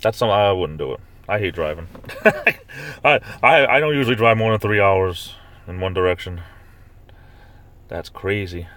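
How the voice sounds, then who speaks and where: A man hosting a casual live stream, chatting with viewers and reading comments aloud. He rambles with fillers and restarts and jumps into high-pitched mock outrage when he rants. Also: moderate pace, a bit bright.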